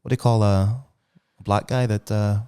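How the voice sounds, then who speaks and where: A man's voice: on the low side, steady tone, moderate pace, mellow, clear, resonant tone. A man co-hosting a podcast, swearing freely and telling crude jokes with a laugh. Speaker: podcast co-host. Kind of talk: casual podcast banter.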